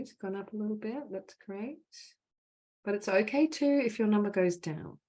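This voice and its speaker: A woman, acting as a spiritual mentor who guides a group call in a gentle, soothing, affirming way and often adds "right?". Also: lowish voice. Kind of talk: guided group clearing session. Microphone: online video call.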